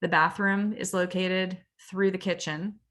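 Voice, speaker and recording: A woman's voice: on the low side, steady tone, a little slow, fairly bright tone. A woman with a Canadian accent, a real estate agent giving a casual training talk over a video call, chatty and asking the audience questions. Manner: conversational, asks the audience questions, frequent ums.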